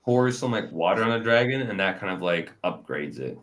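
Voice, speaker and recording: A young man talks through a film in casual podcast chat. His pitch swings widely and his delivery is animated, with sudden loud bursts when he acts out characters. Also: a little fast. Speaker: podcast co-host. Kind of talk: casual movie review chat.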